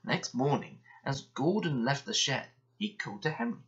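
Fields: Sex: man. Style: bedtime story reading. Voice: lively, bright. Sound: dull lo-fi. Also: mid-range voice, moderate pace, few pauses. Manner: gentle, expressive reading.

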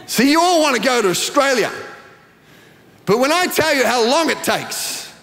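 A male pastor preaching with a high voice that leaps and dips all through his lines, falling into a sing-song cadence. Each phrase hangs in the long reverb of a big church hall. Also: big pitch swings, normal speed, creaky, fairly bright tone. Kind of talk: sermon. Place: large church auditorium.

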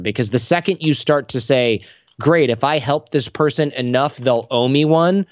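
Male podcast guest, lively storyteller, dry close sound, slightly lo-fi. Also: medium pitch, no room sound. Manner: animated storyteller acting out dialogue. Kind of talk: conversational interview.

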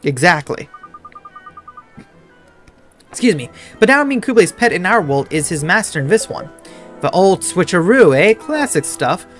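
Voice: medium pitch, sing-song, normal speed, pauses often, a bit bright, soft background music. A gamer voicing a cheeky, slangy fairy sidekick. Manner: chatty, slangy, teasing.

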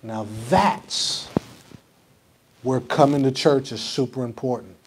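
A man's voice: mid-range voice, slow, slightly rough. A man pastor preaching a conversational sermon in a church, often asking the congregation questions. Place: church sanctuary.

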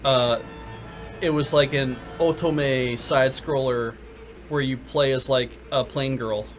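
A man co-hosting a game stream, chatting casually and rambling with lots of halting fillers. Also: medium pitch, steady tone, faint music behind. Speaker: stream co-host. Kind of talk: casual gameplay chat.

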